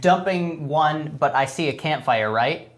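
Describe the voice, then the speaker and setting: A woman's voice: low voice, a little slow. A woman playing in a tabletop game, asking hesitant questions with fillers in casual game chat. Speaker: player. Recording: echoey room.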